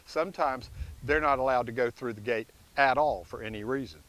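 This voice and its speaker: A man's voice: mid-range voice, a little fast, a bit bright, poor audio. A man who hosts a dog training channel, explaining in a folksy, casual way and breaking off to give his dogs firm commands outdoors. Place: outdoors on a rural property with dogs.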